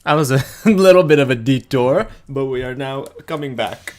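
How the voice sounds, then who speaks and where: A man's voice: mid-range voice, normal speed, a little mellow. A man hosting a game playthrough stream in casual chat, joking around, laughing often and wandering into rambling tangents. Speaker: streamer host. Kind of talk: casual let's-play chat.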